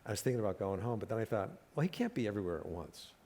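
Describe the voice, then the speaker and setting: A man's voice: lowish voice, very animated, rapid-fire, dark tone, a little hiss or hum. A middle-aged man, a comedian, telling stories on stage, laughing at his own jokes and acting out quotes. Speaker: comedian guest. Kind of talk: storytelling conversation on stage. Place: live talk event stage.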